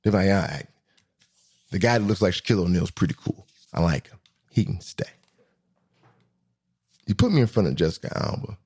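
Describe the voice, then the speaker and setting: A man hosting a podcast in a comedic monologue, talking animatedly, swinging between high and low pitch and laughing often. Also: animated, normal speed, long pauses, a little mellow, husky. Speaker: podcast host.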